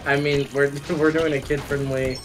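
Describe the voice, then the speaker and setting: A man's voice: medium pitch, level tone, normal speed. A young man co-hosting a casual video game playthrough, giggly and easily amused. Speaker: co-host and video editor. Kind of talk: casual gaming chat.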